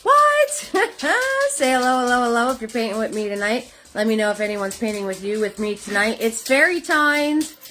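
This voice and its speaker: A woman's voice: on the high side, a little fast, hardly any pauses, a bit bright. A middle-aged woman hosting a live painting class, greeting viewers by name in a bubbly, chatty way. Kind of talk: casual livestream painting lesson.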